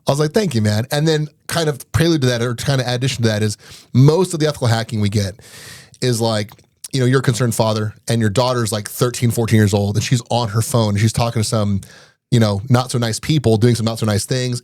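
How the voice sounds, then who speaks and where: A middle-aged man who owns an IT business is a guest on a podcast, casually telling stories about his work in a rapid, eager patter punctuated by laughter. His voice is of ordinary pitch and sounds close and dry, with no echo or sense of room.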